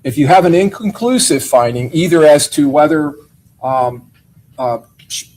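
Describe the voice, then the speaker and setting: A man questioning a witness in a courtroom, asking measured, methodical questions with occasional hesitations. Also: a little high, lively intonation, a little mellow, poor audio.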